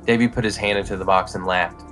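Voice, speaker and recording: A man narrating a short story in a measured reading voice. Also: fairly low pitch, fairly even intonation, fairly bright tone, faint music behind.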